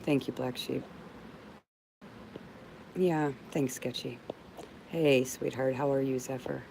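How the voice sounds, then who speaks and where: Woman livestreaming, flat even delivery, answering viewer comments, faint background hiss. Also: a bass voice, slow, gravelly. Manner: warm, heartfelt, calls viewers babe. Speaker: livestream host. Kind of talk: casual livestream chat reading viewer comments.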